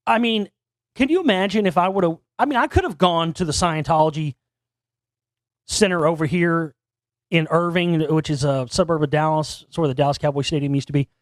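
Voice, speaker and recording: A man hosts his own talk show from a home setup and speaks straight into a desk microphone. His voice sits a bit high. He rambles casually, doubling back and repeating words as he goes, and the sound is dry with no room echo. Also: fairly quick. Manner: rambling, frequent restarts and stammered repeats. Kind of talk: casual solo commentary. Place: home studio near Dallas.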